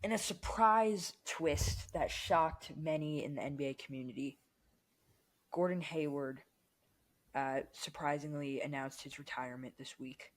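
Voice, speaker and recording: A man's voice: on the high side, a little slow, low-quality recording. A man co-hosting a casual sports podcast, running through news items in a laid-back way and chuckling between them. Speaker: podcast co-host.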